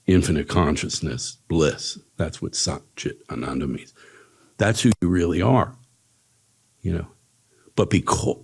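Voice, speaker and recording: Brief: low, husky male meditation teacher, casual and chuckling. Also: a little mellow. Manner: casual, chuckling, rambling storyteller. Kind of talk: spiritual teaching talk with storytelling. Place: ashram talk.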